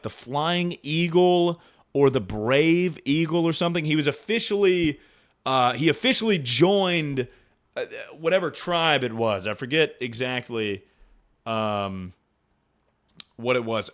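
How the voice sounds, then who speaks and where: A young man streaming, rambling and joking with lots of swearing and quick impressions. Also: medium pitch, expressive. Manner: rambling, profane, jokey, often slips into impressions. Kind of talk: casual livestream commentary.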